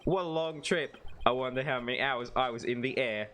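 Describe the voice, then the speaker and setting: A man's voice: mid-range voice, fairly quick, fairly bright tone, slight background noise, close to an everyday voice. Earnest lawyer on a trip, dry wry reads, guy voicing him. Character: earnest young male lawyer abroad. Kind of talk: reading game dialogue aloud.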